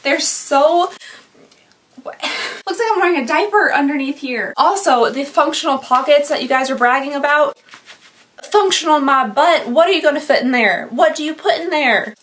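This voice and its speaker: A woman's voice: high voice, normal speed, a bit bright. A young woman vlogging a clothing try-on, ranting dramatically with sarcastic asides and sounding exasperated. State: out of breath. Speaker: fashion vlogger. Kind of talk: exasperated try-on haul vlog.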